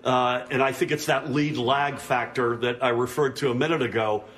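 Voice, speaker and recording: A man's voice: medium pitch, fairly even intonation, normal speed, a bit bright, faint music behind. A man speaking as a governor in a TV interview clip, earnest and emphatic, with many small restarts. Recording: clip played on the radio.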